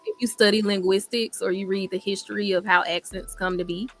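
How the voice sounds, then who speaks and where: A woman's voice: mid-range voice, fairly even intonation, fairly bright tone, a little hiss or hum. A woman from Georgia, hosting a casual live-stream chat and talking in a chatty way with frequent laughs. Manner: chatty, laughs often, quick asides. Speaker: host.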